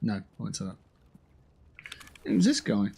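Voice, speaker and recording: A man's voice: fairly low pitch, huge pitch swings, a little slow, vocal fry, dark tone, slightly rough. A man chatting casually on a gaming livestream, joking and swearing at opponents while he plays and talking into a headset mic. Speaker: streamer playing a shooter game.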